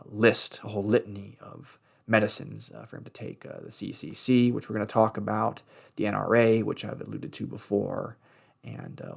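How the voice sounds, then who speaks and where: A man's voice: fairly low pitch, vocal fry, slightly rough, muffled recording. A man giving a recorded history lecture over slides, talking loosely with many fillers and restarts.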